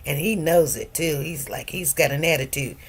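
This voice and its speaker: A woman's voice: sits low, moderate pace, slightly rough. A woman in her fifties hosting a livestream, chatting casually with viewers in a rambling, laughing way. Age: 50s. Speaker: livestream host.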